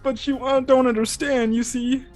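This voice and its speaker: A man voicing a smug, self-serving young female pirate in a high squeaky falsetto. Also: little pitch movement, normal speed, darkish tone, faint music behind. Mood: smugly sweet.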